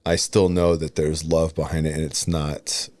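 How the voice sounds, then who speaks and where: Male co-host, 30s, deep voice, hesitant delivery with restarts, dry close studio sound. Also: little pitch movement, normal speed, a little mellow, dry recording. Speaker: podcast co-host. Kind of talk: casual marriage chat.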